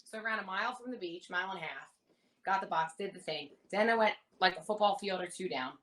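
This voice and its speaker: A woman in her thirties, a reality show contestant, telling stories in a casual interview with animated, rambling detail. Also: mid-range voice, quick pace, rough recording. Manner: animated, rambling anecdotes with many fillers.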